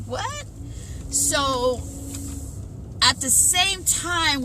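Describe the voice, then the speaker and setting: High, bright-voiced woman vlogging. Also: slight background noise. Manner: animated, retells events with lots of quoted self-talk and repetition. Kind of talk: casual personal storytelling to viewers.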